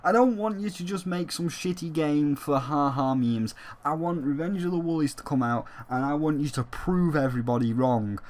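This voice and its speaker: A man's voice: a little high, normal speed, few pauses, darkish tone. A young man giving casual, emphatic gaming commentary on his vlog, swearing freely as he argues his point. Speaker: gaming YouTuber.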